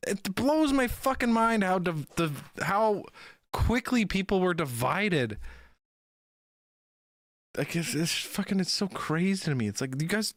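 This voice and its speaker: Streamer, casual reaction chat, rambling with restarts, lively pitch swings, dry close sound. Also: unhurried, dry recording. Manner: rambling, profane, many restarts.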